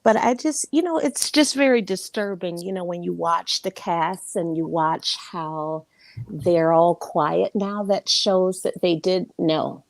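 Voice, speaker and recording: Lower-voiced woman caller, earnest. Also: unhurried, gravelly, no echo. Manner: effusive praise, then earnest opinion. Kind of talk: casual call-in chat.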